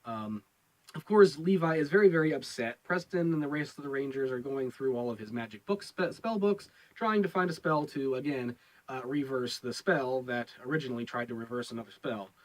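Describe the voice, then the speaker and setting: A man's voice: medium pitch, fairly quick, poor audio. A man giving a casual review of a TV episode, rambling and repeating his words with many fillers. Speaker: show reviewer.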